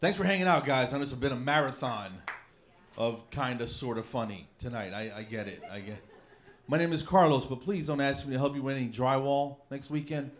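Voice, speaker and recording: A man's voice: mid-range voice, fairly quick, crowd noise. A man doing a rambling, self-mocking stand-up set on a comedy club stage with a handheld mic. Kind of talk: stand-up routine.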